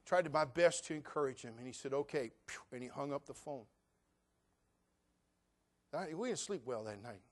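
Preaching in a mid-range voice with lively intonation, this middle-aged pastor speaks at a normal speed and pauses often. His delivery shifts from quiet storytelling to loud, climbing proclamations as he recites old-fashioned scripture.

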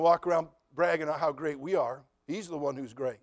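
A middle-aged pastor preaches a sermon in a slightly high voice at a slightly quick pace. He tells stories, puts questions straight to the congregation, and builds to emphatic repeated phrases.

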